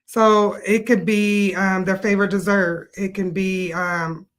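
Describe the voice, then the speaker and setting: Woman, mid pitch, business owner, measured explanations, casual interview. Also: little pitch movement. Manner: measured, explanatory, frequent fillers. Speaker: owner of an adult day care business.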